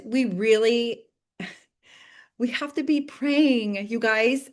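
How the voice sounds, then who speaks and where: A woman in her thirties leading a direct-sales team call, chatty and enthusiastic, full of "like"s and "you guys" and quick laughs. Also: medium pitch. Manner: bursts of laughter and excited acted-out quotes. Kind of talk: casual motivational team call.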